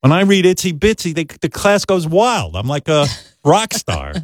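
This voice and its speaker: A man's voice: on the high side, wildly swooping pitch, normal speed, dry recording, clean studio sound. A man hosting a talk show, telling a profane, self-deprecating story in a casual way. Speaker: radio show host.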